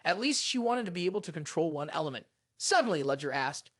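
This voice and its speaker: A man's voice: on the high side, very animated, fast talker, fairly bright tone, dry recording, studio quality. A man narrating a story recap in a scripted reading style, voicing the characters' lines in his own narrating voice. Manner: reads every character's lines in the same narrating voice.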